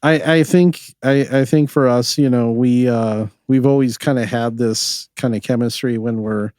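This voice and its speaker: A man with a mid-range voice, co-hosting a podcast in relaxed conversation. He agrees easily and jokes with some profanity. The sound is dry and close-miked. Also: mid-range voice, normal speed, no echo. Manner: easygoing, agreeable, joking with profanity. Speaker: professor, podcast co-host. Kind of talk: casual podcast chat.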